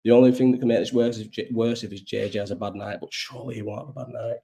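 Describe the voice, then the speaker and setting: A man's voice: medium pitch, steady tone, racing, noisy background. A young man hosting a casual live chat, rambling and swearing freely, ill with a cough. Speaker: host.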